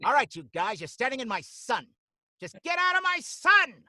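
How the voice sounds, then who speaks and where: A man's voice: very high-pitched, very animated, normal speed, bright, forceful tone, dry recording, studio quality, pitched above the performer's own voice, heavily acted. A man voicing a cranky little male butterfrog from a cartoon, with a brash, wisecracking insult-comic delivery. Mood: grumpy. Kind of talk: cartoon voice demo.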